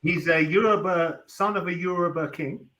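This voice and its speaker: A man's voice: a little high, moderate pace, a bit bright, a little hiss or hum. A man trading laughing, teasing insults in a casual stream chat. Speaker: stream guest.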